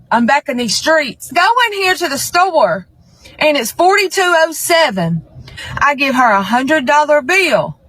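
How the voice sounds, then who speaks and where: A woman's voice: high voice, fairly bright tone, poor audio. A woman telling a rambling comic story, repeating herself and acting out both sides of the exchange. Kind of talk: comedic storytelling.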